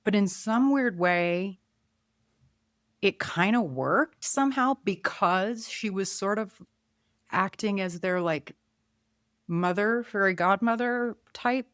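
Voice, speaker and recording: A woman's voice: medium pitch, slow, fairly bright tone, no room sound, studio quality. A woman hosting a casual film review chat, musing aloud, trailing off and restarting her thoughts. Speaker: podcast host.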